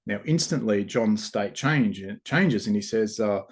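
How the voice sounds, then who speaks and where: Male host, low-pitched, casual storytelling, loose rambling delivery. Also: a little slow, hardly any pauses. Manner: relaxed, rambling, with fillers and restarts.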